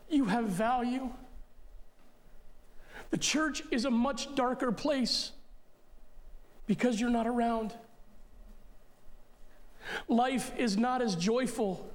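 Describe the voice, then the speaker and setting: A male pastor preaching a sermon in an emphatic, conversational way, speaking straight to his listeners. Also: extremely high pitch.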